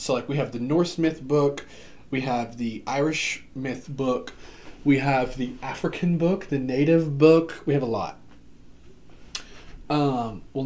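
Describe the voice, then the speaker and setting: Casting note: excitable male vlogger, chatty and rambling, mid-pitch, filler-heavy home-video delivery. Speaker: book vlogger. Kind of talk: casual book haul chat. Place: home room.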